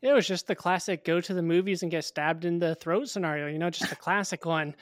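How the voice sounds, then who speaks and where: A young man in his twenties, a guest in an interview, telling a personal story in a casual, animated way. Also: on the high side, a little fast, dry recording, clean studio sound.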